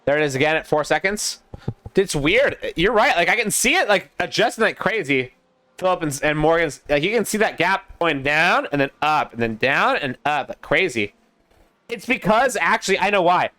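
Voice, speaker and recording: A young man casting a sim racing league live, chatty and excitable, talking to his co-caster and to the chat. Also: fairly high pitch, moderate pace, no room sound. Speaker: race caster.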